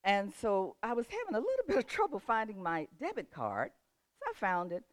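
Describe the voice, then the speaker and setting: An older woman who laughs often as she tells a lively story, then moves into a relaxed motivational talk about setting goals. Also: mid-range voice, a little fast, dry recording.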